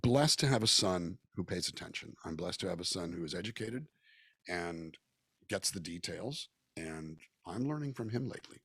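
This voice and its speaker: A man's voice: deep voice, lively intonation, normal speed, a bit bright, slightly rough, no echo, studio quality. A man from Southern California, a guest musician and actor, talking at length and thoughtfully over a video call. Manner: reflective, talkative, acts out quoted voices. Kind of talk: casual interview chat.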